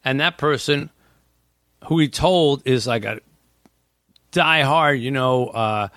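A male host in a relaxed conversation, explaining a point at length and slipping into voices to quote people. His voice sits at a middle pitch and sounds dry and close. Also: slow, dry recording. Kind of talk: casual podcast chat.

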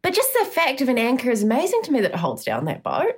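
A woman's voice: sits high, huge pitch swings, quick pace, husky. A woman co-hosting a casual podcast recap, laughing often as she talks. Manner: giggly, laughs often while talking. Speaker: podcast co-host.

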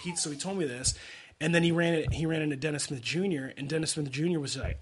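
A man co-hosting a podcast, chatting casually about basketball, animated and swearing freely. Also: a little high, fairly quick, husky. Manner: animated, swears, laughs while talking. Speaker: podcast co-host. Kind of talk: casual sports chat.

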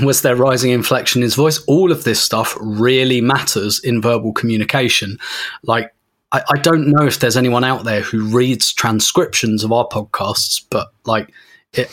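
A man as a podcast guest, talking at length in a loose, animated way with small laughs. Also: mid-range voice, slightly rough. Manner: rambling, animated, laughs as he talks. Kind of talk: casual podcast chat.

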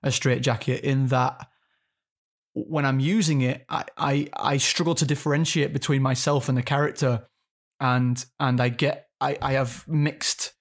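A man's voice: mid-range voice, steady tone, unhurried. An English man speaks as an actor guest in a casual interview. He thinks aloud and often restarts his sentences as he works his ideas out.

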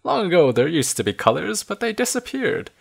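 A man voicing a frail, timid old hermit with a quavering, high voice. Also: big pitch swings, fairly quick, creaky, slightly rough, exaggerated voice. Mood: bewildered.

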